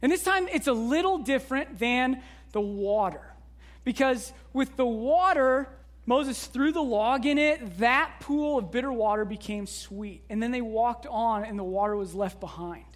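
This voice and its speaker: Woman pastor, high unhurried voice, conversational sermon with rhetorical asides.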